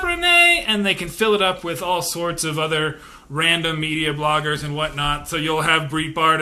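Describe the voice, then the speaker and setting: A young man hosts a podcast with loose political commentary. His voice sits a little high and sounds bright and forceful. He rambles and circles back with fillers and restarts. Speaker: podcast host.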